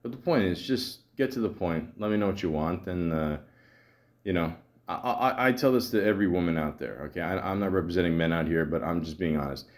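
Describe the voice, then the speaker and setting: A man talking on his own podcast in a casual, meandering monologue. He uses a lot of fillers and stammers as he restarts, and drops dry, sarcastic remarks. His voice sits low. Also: fairly quick. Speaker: podcast host.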